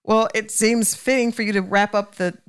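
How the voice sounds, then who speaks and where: A woman's voice: medium pitch, steady tone, normal speed, a little hiss or hum. A woman co-hosting a casual podcast chat. She laughs, sounds exasperated, and stumbles over her words. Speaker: podcast co-host. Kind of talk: casual banter.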